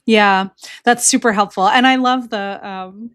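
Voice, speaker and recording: A woman's voice: mid-range voice, steady tone, a little slow, fairly bright tone, no room sound, studio quality. A woman hosting a podcast in casual conversation, encouraging her guest and affirming with frequent murmurs. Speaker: podcast host.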